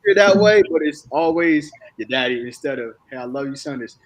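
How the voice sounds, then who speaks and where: A man's voice: fairly high pitch, animated, fairly quick, few pauses. Joking man in a panel chat. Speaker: speaker and author.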